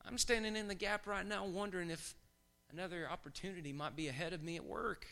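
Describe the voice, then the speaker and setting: Man preacher, sermon, high bright voice, hushed to shouting. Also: fast talker, vocal fry. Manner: swings from hushed to shouting bursts. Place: church.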